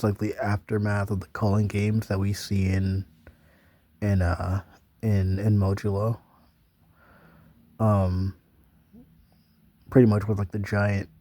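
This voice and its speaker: A man's voice: fairly low pitch, mellow, no echo. A young man talking in a loose, meandering casual monologue, full of ums and offhand swearing. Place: small room, flipping through notebook pages.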